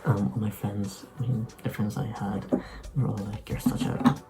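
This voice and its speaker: A man's voice: fairly low pitch, level tone, normal speed, rough recording. A young man from Ireland, rambling loosely through an unscripted vlog talk with sarcastic asides. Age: young adult. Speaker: YouTuber.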